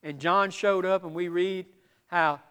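A man preaching a sermon from the pulpit. His voice sits high for a man, and he swings between loud, emphatic preaching and hushed, confiding asides. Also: fairly even intonation, a little slow, clean tone. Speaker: pastor.

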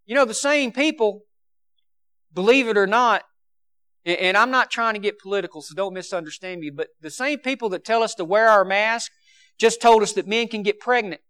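Man, preacher, sermon, high voice, passionate, loud then hushed. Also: normal speed, clear, resonant tone. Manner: impassioned, swinging between loud emphasis and quiet asides.

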